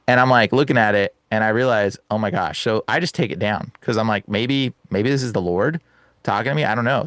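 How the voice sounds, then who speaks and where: A young man telling an excited personal story as a podcast guest, laughing often and calling the host bro and dude. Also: fairly low pitch, dry recording.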